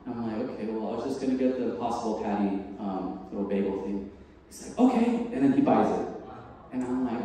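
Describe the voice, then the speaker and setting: A man preaching a sermon as pastor, telling a personal story with animated voices and frequent laughter. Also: mid-range voice, brisk. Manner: animated, acts out dialogue, laughs often. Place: church sanctuary. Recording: distant mic in a large echoey hall.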